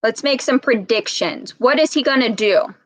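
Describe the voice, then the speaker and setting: In an interactive read-aloud lesson, a female speech therapist goes through a picture book with young children, patiently asking question after question. Her voice is a little high, at normal speed, in a dry recording.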